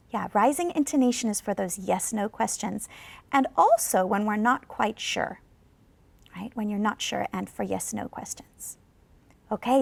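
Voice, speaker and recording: A woman teaches English in a scripted lesson, her fairly high voice carrying a gravelly edge. She speaks in a dry, close studio sound, coaxing viewers to answer and drawing model sentences out slowly for them to repeat. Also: dry recording. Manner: slow, carefully drawn-out model sentences for repetition; encouraging, coaxes replies from viewers. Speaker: ESL teacher.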